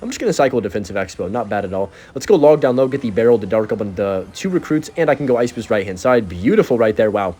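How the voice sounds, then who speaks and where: A man's voice: fairly low pitch, expressive, fast talker, hardly any pauses, mellow, breathy edge. A young man giving casual, joking commentary over his own gameplay, sarcastic and chatty as he narrates each move. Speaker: gaming content creator.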